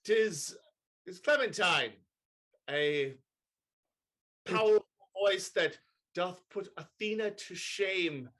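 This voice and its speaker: A man improvising as a young lord mayor who flatters and stammers in mock-Shakespearean speech. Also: sits high, takes it slowly, long pauses. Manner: stammering, with many uh's and restarts. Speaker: improv stage actor.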